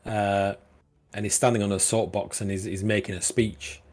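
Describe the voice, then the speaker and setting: A man's voice: lowish voice, flat delivery, normal speed, a little mellow. A man narrating as game master in a tabletop game, casual and full of restarts. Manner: casual, many fillers and restarts.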